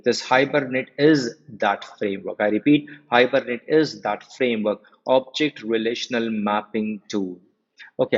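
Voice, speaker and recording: A man in his forties giving a live technical lecture as a software trainer. He repeats his key points and keeps quizzing the class with checking questions. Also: lowish voice, slightly rough. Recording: muffled lo-fi audio.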